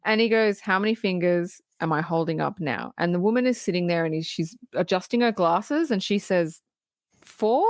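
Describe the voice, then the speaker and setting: A woman co-hosting a podcast, casually recapping a film in animated detail, acting out the characters' lines and swearing freely. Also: on the low side, a little fast, few pauses, no room sound, studio quality. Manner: animated storytelling, acting out quoted lines, frequent laughs and swearing. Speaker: podcast co-host.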